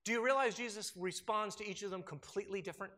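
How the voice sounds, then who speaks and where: A male pastor preaching a sermon, swinging from loud emphasis to hushed, slow lines. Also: high voice.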